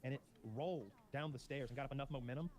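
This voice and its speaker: A man co-hosting a casual chat, telling a story quickly and swearing freely. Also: mid-range voice, slight background noise. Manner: fast, animated, swears freely. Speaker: podcast co-host.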